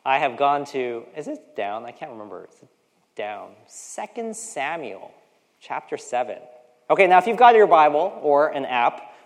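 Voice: medium pitch, very animated, moderate pace. A preacher in their forties, giving a conversational sermon full of personal asides. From United States. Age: 40s. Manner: conversational, acts out quoted voices, personal asides. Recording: long hall reverb.

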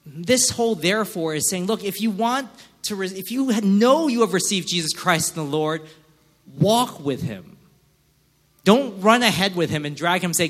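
A male pastor preaching a sermon in a church, acting out quick mock prayers and complaints. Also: sits high, lively intonation, fairly bright tone. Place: church sanctuary.

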